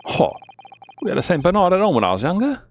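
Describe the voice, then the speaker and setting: A man voicing an excitable, shady male witness in a game, with a put-on foreign accent and a sing-song, pleading way of talking. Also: sits high, fast talker, creaky, slight background noise, voice pushed up, full character voice. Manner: theatrical, sing-song, pleading with 'eh?' tags.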